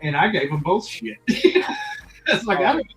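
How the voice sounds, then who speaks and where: A veteran man trading war stories on a casual podcast, crude and quick to laugh. His pitch swings widely and sits a little high. Faint music runs underneath. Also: lively intonation, fairly bright tone, poor audio. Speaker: military veteran guest.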